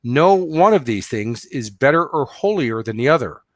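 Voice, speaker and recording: A man's voice: medium pitch, expressive, normal speed, no room sound. Earnest middle-aged man coaching, dry sound. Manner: conversational, earnest, storytelling with fillers. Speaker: business coach presenting a webinar. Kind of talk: casual motivational webinar talk.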